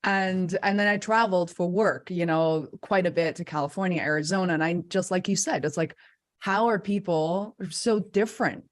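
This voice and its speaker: A woman hosting a casual interview chat, animated and laughing, acting out quotes with a sudden higher voice. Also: moderate pace. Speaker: host.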